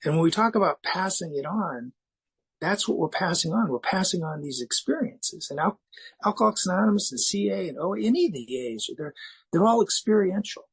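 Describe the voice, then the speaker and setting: A man's voice: sits high, lively intonation, brisk, creaky, breathy edge, low-quality recording. A middle-aged man from the United States speaking as a recovery meeting speaker, in a candid, self-mocking personal talk with frequent restarts.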